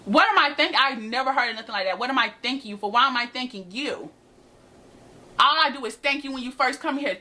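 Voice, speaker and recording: A woman's voice: fairly high pitch, fast. Sassy eighteen-year-old woman telling a story. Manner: animated, sassy, addresses viewers as y'all. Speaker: vlogger. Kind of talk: storytime vlog.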